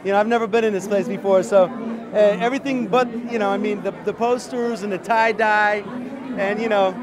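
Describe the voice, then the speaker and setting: A man's voice: high-pitched, steady tone, a little fast, low-quality recording. A man being interviewed as a musician, talking in a loose, rambling way with many fillers. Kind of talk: casual interview. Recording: crowd noise behind.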